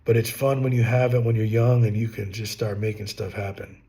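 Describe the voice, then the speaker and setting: A man's voice: on the low side, steady tone, fairly quick, mellow. A middle-aged man hosting a business channel, giving plainspoken casual advice with repetitive, emphatic asides.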